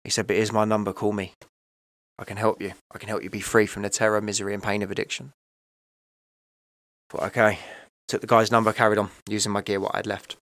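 Man, 30s. Low, gravelly voice, dry close sound. Candid and emotional, loose and rambling. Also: flat delivery, quick pace, a bit bright, no room sound. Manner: emotional, rambling, repeats "right?" and "you know". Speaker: podcast guest. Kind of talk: candid personal storytelling.

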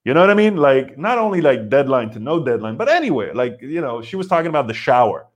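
Man in his forties, comedy podcast host, live rant, rambling delivery, medium pitch. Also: very animated, fast talker. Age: 40s. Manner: rambling, frequent restarts and fillers, acts out quotes.

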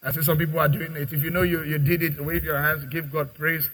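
A middle-aged male pastor preaching a sermon, acting out little dialogues and swinging from quiet to loud. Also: a little high, level tone, fairly quick, husky, low-quality recording. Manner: preaching with dramatic acted-out dialogue and big swings in loudness.

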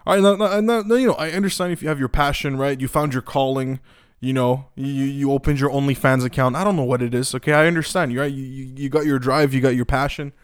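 A man's voice: mid-range voice, steady tone, a little fast, clear, resonant tone, no room sound, studio quality. Rambling, profane male podcast host. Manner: rambling, profane, joking, lots of fillers and restarts. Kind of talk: casual solo podcast monologue.

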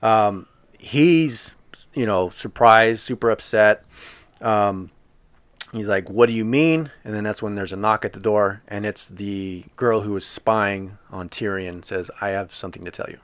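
A man with a smooth, lowish voice recaps a TV episode as a podcast co-host, speaking a little slowly in casual chat. He loosely paraphrases scenes and quotes, filling his speech with lots of ums and you knows, and the recording has no room sound.

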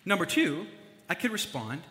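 A young man preaching a casual sermon, chatty and animated, with fillers and asides. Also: high-pitched, normal speed. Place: church hall. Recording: long hall reverb.

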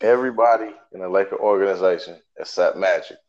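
A man's voice: deep voice, quick pace, darkish tone. Laughing man with a muffled sound. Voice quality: laughing, chuckles through his stories. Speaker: podcast co-host. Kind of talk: casual sports chat.

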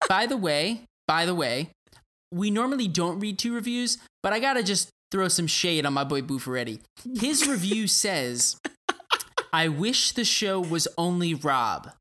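A man's voice: high voice, very animated, normal speed, a bit bright. A young man co-hosting a gaming podcast, playful and teasing, laughing often. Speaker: podcast co-host. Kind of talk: casual podcast chat.

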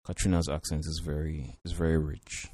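A man's voice: a bass voice, flat delivery, normal speed, darkish tone, no room sound. A man giving blunt, profane commentary on a reality show, peppered with "you know". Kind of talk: casual commentary.

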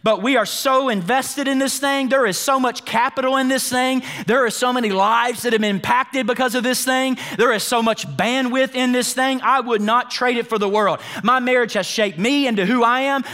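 A man in his thirties preaching a sermon as pastor, emphatic, swinging between loud urgent lines and hushed ones. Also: extremely high pitch.

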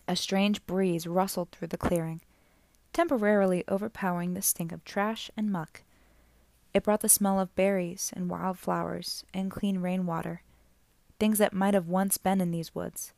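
A woman's voice: lowish voice, fairly even intonation, normal speed, gravelly, a little mellow, no room sound. A woman narrating an audiobook chapter, reading the dialogue without separate character voices.

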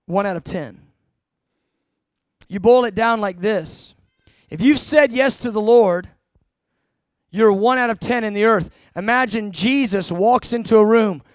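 High-voiced preacher, emphatic. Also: male voice, no room sound, clean studio sound. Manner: emphatic, shifting between slow stressed phrases and rapid asides; asks the congregation questions. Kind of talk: sermon.

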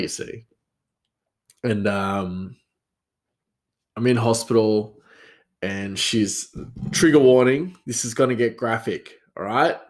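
A man telling a personal story in a casual, rambling way, with many fillers and restarts. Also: lowish voice.

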